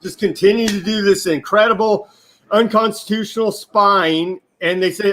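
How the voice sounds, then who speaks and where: A man giving political commentary as a guest, indignant and forceful, asking rhetorical questions. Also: sits high, fairly even intonation, normal speed.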